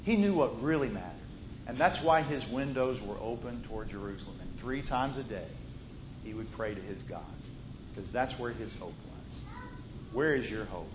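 Male preacher, mid-pitched, swings from forceful to hushed; roomy, muffled hall sound. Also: expressive, moderate pace. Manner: swings from loud emphatic to soft, hushed storytelling. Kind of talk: sermon with storytelling. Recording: roomy muffled hall recording, faint rumble.

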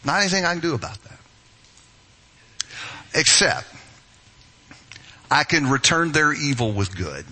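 Middle-aged male pastor, sermon, piercing bright tone, a bit husky; emphatic, punches key words. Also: sing-song, unhurried, pauses often. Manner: emphatic, rising to forceful high-pitched stresses.

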